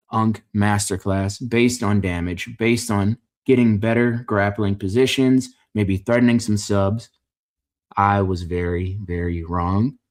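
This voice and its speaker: A man with a fairly low voice runs through a fight card in casual reaction commentary. He is opinionated and jokey, rambling a little and catching his own slips. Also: a little mellow. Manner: opinionated, joking, rambling with self-corrections. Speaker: MMA fight reaction host.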